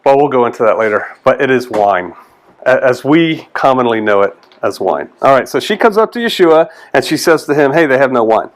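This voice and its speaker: A man's voice: mid-range voice, a little fast, a little hiss or hum. A man, a pastor giving a conversational sermon in a folksy way and acting out the quoted lines in different voices. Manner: folksy, animated, acts out quotes in changing voices.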